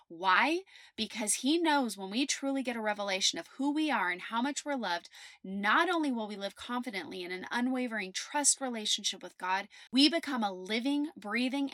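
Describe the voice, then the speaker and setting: A woman's voice: medium pitch, fairly bright tone, no echo, studio quality. A woman giving an earnest devotional teaching, preaching emphatically and reading scripture aloud. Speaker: Christian teacher.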